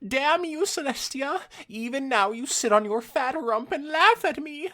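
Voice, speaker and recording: Nightmare Moon, a booming evil sorceress. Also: expressive, a little slow, bright, forceful tone, heavily acted. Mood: furious. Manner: booming, snarling villain voice. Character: evil, bitter female alicorn sorceress imprisoned on the moon. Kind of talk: comedic fan reading of a story.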